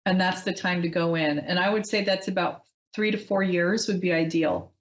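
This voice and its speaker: Gentle psychic radio host woman. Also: lowish voice, steady tone, normal speed, lo-fi sound. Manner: gentle, reassuring, many ums. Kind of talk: live call-in psychic reading.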